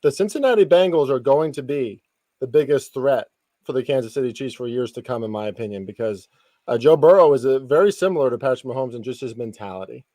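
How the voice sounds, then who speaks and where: Halting male sports analyst, dry mic. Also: medium pitch, lively intonation, warm tone, dry recording. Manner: halting, many restarts and fillers. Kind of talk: casual podcast chat.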